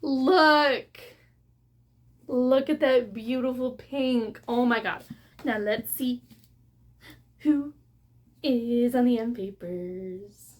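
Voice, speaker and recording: A woman vlogging a casual book haul unboxing, gushing and excitable as she shows off her books. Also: on the high side, slow, long pauses. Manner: gushing and excitable, with gasps of delight.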